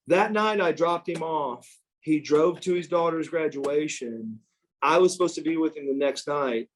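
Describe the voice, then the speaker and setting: A middle-aged man, an interview guest, telling stories in a casual, animated way, repeating words and acting out quotes. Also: a little high, brisk. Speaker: interview guest, former pro wrestler. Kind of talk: casual storytelling.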